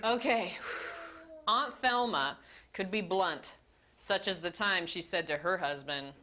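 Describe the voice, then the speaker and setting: A woman's voice: on the low side, slow, pushed and bright, a little hiss or hum. A woman hosting a party word game on a TV show, reading prompts aloud and laughing often. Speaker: host. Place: TV studio with guests.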